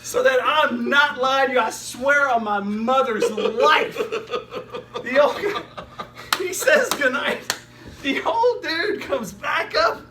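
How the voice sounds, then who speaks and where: A man from Richmond, Virginia, a stand-up comedian telling a comedy anecdote in casual chat, animated and profane, laughing through his story. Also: extremely high pitch, slow pace. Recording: voice far from the mic with steady noise.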